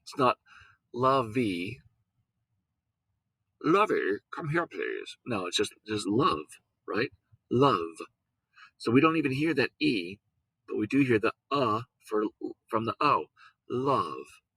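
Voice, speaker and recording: A man teaching a lesson at an unhurried pace, repeating words and breaking them into sounds. His voice is bright and forward. The recording is dry and close. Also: mid-range voice, expressive, husky, no room sound, poor audio. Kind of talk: recorded classroom lesson on syllables.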